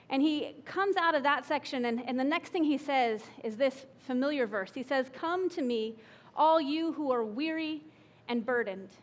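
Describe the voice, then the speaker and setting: Woman preacher, conversational sermon delivery, high-pitched, engages the congregation with questions. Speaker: pastor.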